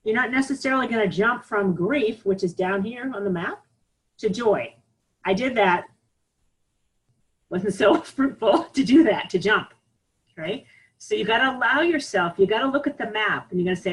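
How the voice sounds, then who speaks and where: A woman giving a candid, animated spiritual talk on a live group call, laughing often. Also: mid-range voice, moderate pace, slightly rough, low-quality recording. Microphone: online group call.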